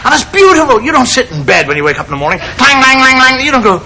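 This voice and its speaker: A middle-aged man doing a relaxed stand-up monologue on stage, acting out gestures and noises as he talks. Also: high voice, rapid-fire, poor audio. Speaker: stand-up comedian. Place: stage before a live audience. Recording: vintage TV broadcast with audience noise and hiss. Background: audience laughter.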